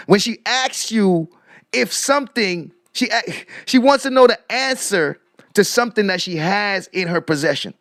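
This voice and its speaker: Animated man posing rhetorical questions. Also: sits high, moderate pace, no room sound, clean studio sound. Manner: repeats rhetorical questions to viewers; shouts out chat viewers. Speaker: commentary streamer. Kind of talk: casual live commentary.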